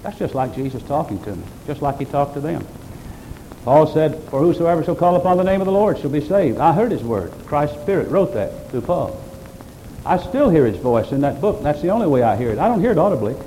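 Folksy preacher man, mellow voice. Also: a little high, a little hiss or hum, rough recording. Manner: quotes scripture at length in old-fashioned phrasing; folksy, homespun asides. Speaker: pastor. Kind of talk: sermon. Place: church service.

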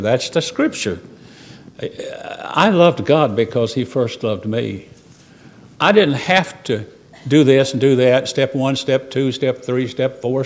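A man preaching a sermon in a folksy, conversational way. He keeps raising his listeners' imagined doubts and fires back rhetorical questions. He quotes old King James scripture. His voice sits at an ordinary male pitch.

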